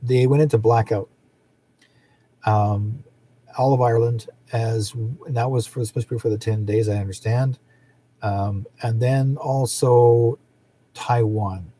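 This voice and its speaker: A man's voice: medium pitch, steady tone, measured pace, warm tone. A middle-aged man hosting a psychic show, talking in a rambling, casual way and often laughing. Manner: rambling, chatty, laughs often, acts out quoted people. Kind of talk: casual livestream chat.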